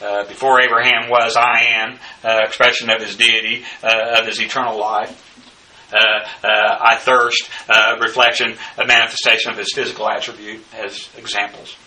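Bright, halting male bible teacher. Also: fairly low pitch, level tone. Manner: halting, many filler uhs. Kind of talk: bible study lecture reading numbered notes. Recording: distant mic with faint background noise.

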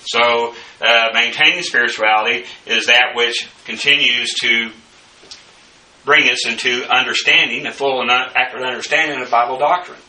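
A man teaching the Bible verse by verse, in a slow, deliberate lecturing manner with frequent fillers. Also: mid-range voice, steady tone, sharp tone. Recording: echoey room, mic at a distance.

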